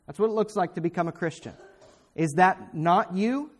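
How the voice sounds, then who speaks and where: A male preacher delivers a fervent sermon. He speaks directly to his listeners, and his voice rises into sharp, emphatic bursts on the points he stresses most. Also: sits high, moderate pace.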